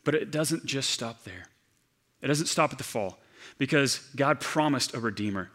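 A man preaching a sermon as a pastor, earnest, slowing down to stress key phrases. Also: medium pitch, animated, a bit bright.

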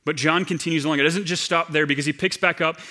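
Male pastor mid-sermon; fairly high, bright, forceful delivery, earnest, slowing on key points. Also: fairly even intonation. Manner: earnest, slows down to stress key phrases.

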